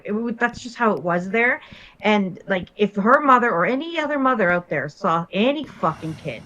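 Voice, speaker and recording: A woman's voice: mid-range voice, a bit bright, highs cut off. A woman from Toronto chatting as co-host in a live stream, talking bluntly and emphatically and swearing freely. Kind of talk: casual chat.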